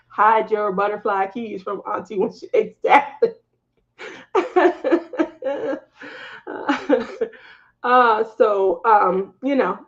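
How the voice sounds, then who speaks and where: A middle-aged woman hosting a casual craft live stream, talking with her viewers, laughing often and acting out family members' lines in livelier voices. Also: muffled recording. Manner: chatty, laughs often, acts out family quotes in higher voices. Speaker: craft channel host.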